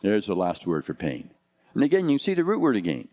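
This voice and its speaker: A low-pitched man in his fifties preaches to his congregation. He talks in a loose, conversational way, turning his points into rhetorical questions. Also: wildly swooping pitch, fast talker, dark tone. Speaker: pastor. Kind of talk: sermon.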